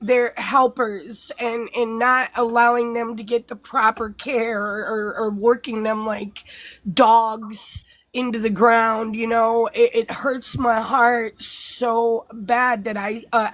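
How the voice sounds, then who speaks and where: A woman with a slightly raised pitch who speaks slowly and earnestly. She leads a casual spiritual group conversation, circling back and restarting her thoughts as she goes. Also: steady tone, no room sound, poor audio. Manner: earnest, rambling with many restarts. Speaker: spiritual class host.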